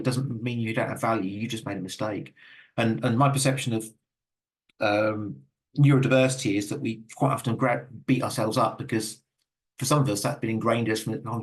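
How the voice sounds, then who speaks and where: Earnest Englishman giving a webinar talk. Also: medium pitch. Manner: earnest, frequent fillers and stammered restarts. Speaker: guest speaker. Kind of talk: webinar talk with audience questions.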